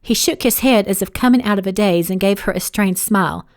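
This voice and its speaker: A woman reading her own novel aloud as audiobook narration, steady, giving each character a voice. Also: mid-range voice, brisk.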